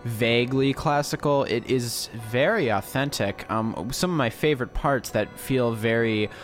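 A man's voice: medium pitch, a little slow. A man co-hosting a casual podcast, explaining the music he picked in thoughtful detail. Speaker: co-host.

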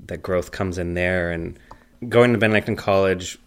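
A man in his thirties chatting casually and rambling, telling family stories with animated, high-pitched quoted voices. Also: moderate pace, clean tone. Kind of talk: casual chat.

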